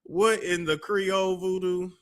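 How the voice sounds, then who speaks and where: A man's voice: high voice, fairly even intonation, unhurried. A man reacting to a story clip with sassy, skeptical side comments.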